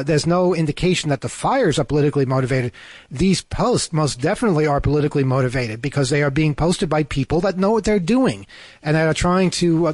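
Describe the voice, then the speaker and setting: Guy co-hosting over a call, kinda higher voice, ums and restarts everywhere, snarky comments, very dry mic. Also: dry recording. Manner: hesitant, many fillers and restarts; sarcastic asides while reading news aloud. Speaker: co-host of a talk show. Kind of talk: casual news discussion over a call.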